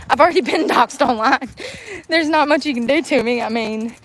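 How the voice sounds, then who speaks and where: A woman's voice: high voice, moderate pace. A woman ranting bluntly in a casual vlog, laughing often, recorded outdoors in the woods. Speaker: vlogger.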